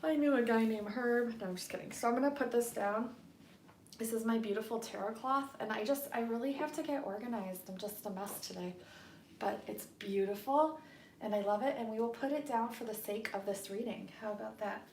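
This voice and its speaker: A bubbly woman talks to her live-stream viewers from a home workspace at night, her voice sitting a little high. She giggles and keeps sinking into a hushed tone, and the roomy sound carries a faint hiss. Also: fairly quick. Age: adult with a young daughter. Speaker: tarot reader streaming live. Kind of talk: casual live-stream chat.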